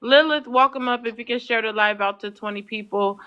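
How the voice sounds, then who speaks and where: A woman hosting a live online panel, moderating briskly and cutting in. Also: fairly high pitch, pushed and bright, smooth. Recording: dull, lo-fi sound.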